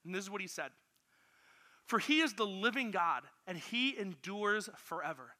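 A man with a high, strikingly bright voice preaches to a youth group in a church room. He talks with energy and playfully directs volunteers through an acted-out Bible story. The feel is of a lively youth sermon. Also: moderate pace. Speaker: youth pastor.

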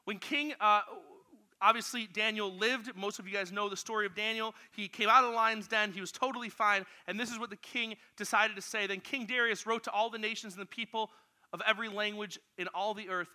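A man with a high, strikingly bright voice preaches to a youth group in a church room. He talks with energy and playfully directs volunteers through an acted-out Bible story. The feel is of a lively youth sermon. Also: fairly quick. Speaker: youth pastor.

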